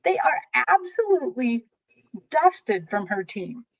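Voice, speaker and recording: A woman with a fairly high voice tells long stories in an animated, rambling way, often breaking off and starting over. She is a guest on an interview show. The recording is dull and lo-fi. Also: slow. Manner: animated, rambling storyteller with frequent restarts. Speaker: guest, tarot reader. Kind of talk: storytelling interview chat.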